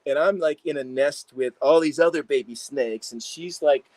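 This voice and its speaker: A man, an integration psychologist, telling animated stories in a casual interview with many fillers. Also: on the high side, moderate pace, no echo, poor audio.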